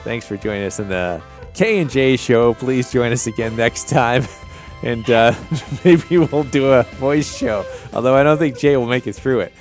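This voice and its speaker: A man's voice: medium pitch, lively intonation, moderate pace, hardly any pauses, a little mellow, faint music behind. A man co-hosting a podcast in casual chat, easygoing and amused, laughing often. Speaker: podcast co-host.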